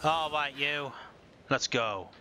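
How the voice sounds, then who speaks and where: A man's voice: fairly high pitch, slow pace, pushed and bright, slight background noise. A man giving casual commentary over his own gameplay, joking and mock-dramatic, talking to himself as he plays. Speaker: gaming video host. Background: game music.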